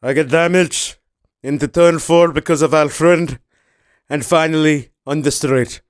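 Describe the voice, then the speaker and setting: Man doing an aggrieved driver impression, pitched up and pushed louder. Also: fairly even intonation, a little slow, dry recording, clean studio sound, natural voice.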